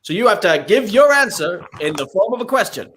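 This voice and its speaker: A man doing improvised comedy, hosting a quiz with brisk, showy game-show patter. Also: sits high, very animated, a bit bright, slight background noise. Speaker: improv performer playing a quiz host. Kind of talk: improvised comedy over video call.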